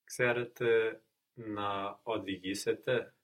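A man answering in a language lesson, slow and careful, a little hesitant. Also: fairly low pitch, steady tone, fairly bright tone, poor audio. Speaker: language student.

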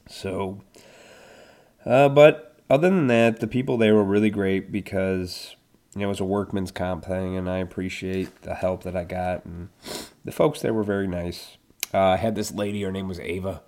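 A man's voice: low-pitched, fairly even intonation, moderate pace, a little mellow. A middle-aged man talking casually to his viewers, ranting bluntly and swearing freely as he airs strong opinions. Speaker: vlogger. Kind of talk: casual monologue to camera.

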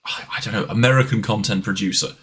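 A man co-hosting a podcast, chatting casually in an animated, playful way, with asides and restarts. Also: on the low side, fast, husky. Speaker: podcast co-host. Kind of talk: casual banter.

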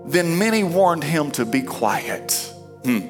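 A pastor giving an emphatic, dramatic sermon, voice rising into fervent shouts. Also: medium pitch, big pitch swings, slow, music in the background. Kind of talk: energetic sermon.

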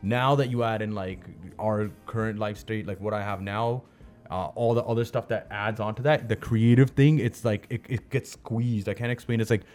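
A man's voice: lowish voice, fairly even intonation, moderate pace, a little mellow, faint music behind. A man from Canada, a comedian and chef, telling stories as a guest in a casual interview, loose and slangy with many restarts.

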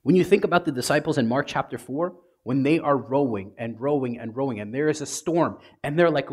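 A priest preaches a sermon in a husky, slightly breathy voice at an ordinary pitch, talking a little fast with few pauses. His manner is casual, conversational, and dramatic, sinking into soft, hushed, intimate lines for emphasis.

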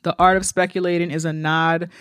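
A woman with a lowish voice talks candidly and emphatically, swearing freely as she co-hosts a chat show. Her voice is recorded close and dry, with no room sound at all. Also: flat delivery, a little fast, fairly bright tone, smooth, no echo. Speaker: podcast co-host. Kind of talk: casual chat, reading quotes aloud.

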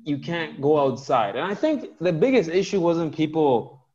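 A man's voice: a little high, very animated, normal speed, hardly any pauses, a little mellow. A man co-hosting a podcast, reflecting in casual chat and explaining his points with everyday examples. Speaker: podcast co-host. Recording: dull lo-fi podcast recording.

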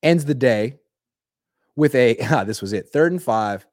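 Give me an animated man doing casual sports commentary, with a lively, dry voice. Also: mid-range voice, no echo. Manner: animated, jokey, quick asides.

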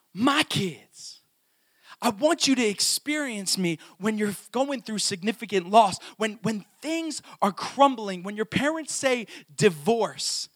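A man in his thirties preaching a sermon, swinging from soft, tender passages to loud, urgent pleading. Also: high voice. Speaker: pastor.

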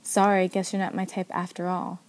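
A woman's voice: fairly low pitch, little pitch movement, brisk, natural voice. A woman voicing a tough young undercover agent in a read-aloud story, speaking in her own voice. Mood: determined.

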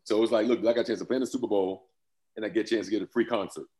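A man with a very low voice talks through his old playing days, loose and rambling, breaking into laughs. He is in his fifties and speaks as a guest in a casual interview. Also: fairly even intonation, very fast, mellow. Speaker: former pro football player, guest.

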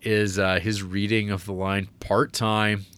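Podcast co-host, male, slightly low voice, loose rambling delivery full of restarts. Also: animated, moderate pace, fairly bright tone. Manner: rambling, laughing, many fillers and restarts. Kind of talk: casual movie chat.

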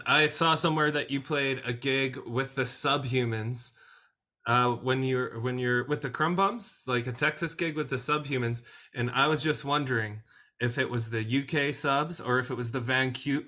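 Male podcast host, bright forceful tone, hesitant casual questions. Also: medium pitch, moderate pace. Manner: hesitant, many ums and restarts. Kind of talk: casual chat.

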